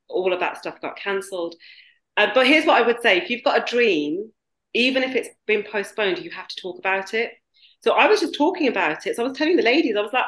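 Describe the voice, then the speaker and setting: British woman, 40s, tells a story with lots of energy, roomy sounding mic. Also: medium pitch. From Britain. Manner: animated, emphatic storyteller. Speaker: guest, business founder. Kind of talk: casual storytelling chat. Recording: roomy echo.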